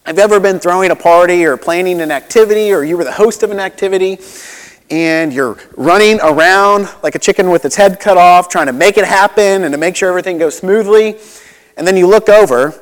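Male pastor, casual sermon delivery, mid-high voice, long church-hall reverb. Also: a little fast. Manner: conversational, relatable, with many asides and restarts.

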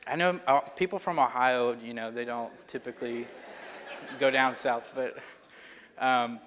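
A man's voice: mid-range voice, steady tone, a little slow, a bit bright. Man preaching in a reverberant hall. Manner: conversational, rambling with fillers and restarts. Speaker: pastor. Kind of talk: sermon storytelling.

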